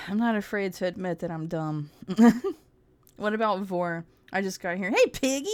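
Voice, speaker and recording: A woman's voice: medium pitch, animated, normal speed, dry recording. A woman streamer in casual, sarcastic livestream commentary, rambling and giggling often.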